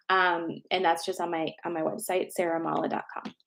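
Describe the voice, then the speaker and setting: A woman's voice: lowish voice, animated, moderate pace. A woman in her thirties, host of a casual spiritual livestream, giving chatty, reassuring card messages with the odd swear word.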